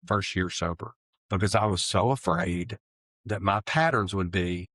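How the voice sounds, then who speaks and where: A middle-aged man with a low voice tells his own recovery story in an interview. He talks earnestly and grows animated when he acts out the excuses he used to make. The recording is dry and close. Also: unhurried, dry recording. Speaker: guest sharing recovery story.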